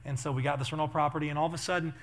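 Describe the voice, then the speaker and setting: A man's voice: a little high, very fast. A middle-aged man, a pastor, telling funny stories in a sermon and laughing as he acts out what people said. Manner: animated, laughing, acts out quotes. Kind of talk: storytelling sermon.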